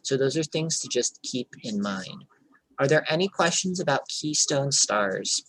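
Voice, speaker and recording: A man's voice: medium pitch, expressive, unhurried, fairly bright tone, no echo, poor audio. Earnest man explaining in a dry room. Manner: earnest, explanatory, checks for questions. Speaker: childcare director presenting. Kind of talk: online workshop presentation.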